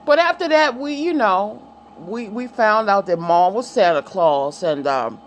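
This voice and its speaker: A woman's voice: mid-range voice, lively intonation, a little slow, highs cut off, a little hiss or hum. A middle-aged woman vlogging in a casual, chatty way, telling stories, laughing often and talking to her viewers and a child. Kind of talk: casual chat, reminiscing.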